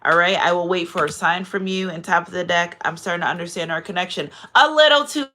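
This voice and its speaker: Chatty woman reading cards, bright voice. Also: lowish voice, flat delivery, fast talker. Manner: chatty and digressive, often asks "you know what I'm saying"; effusive and emotional when thanking viewers. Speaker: tarot card reader and channel host. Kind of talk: casual spiritual card reading to camera.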